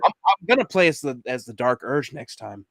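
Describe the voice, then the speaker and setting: A man's voice: medium pitch, big pitch swings, normal speed, fairly bright tone, dry recording, studio quality. Man laughing through casual podcast chat. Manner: laughs often, restarts sentences, trails off. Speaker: podcast co-host. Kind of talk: casual chat about video games.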